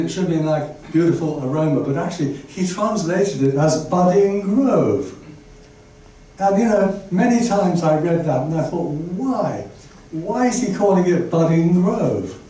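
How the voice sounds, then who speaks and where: Older man, guest lecturer, mellow tone, heard from far off in an echoey room, chatty digressive delivery. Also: fairly high pitch. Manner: chatty, digressive, with asides and fillers. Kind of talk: public exhibition talk. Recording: very echoey room, voice from far off, faint background noise.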